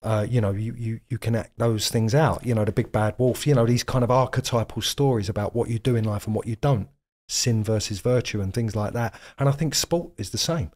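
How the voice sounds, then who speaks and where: British guy guesting on a chat show, quick storyteller, low husky voice. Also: darkish tone. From Britain. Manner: anecdotal storytelling, acts out quoted dialogue. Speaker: guest actor. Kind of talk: casual interview chat.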